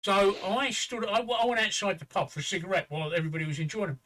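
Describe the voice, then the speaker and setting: Bright-voiced older English storyteller. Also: male voice, high-pitched, steady tone, fast talker, poor audio. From England. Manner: chatty storyteller, swears freely, acts out quoted voices. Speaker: livestream co-host. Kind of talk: casual chat, telling an anecdote.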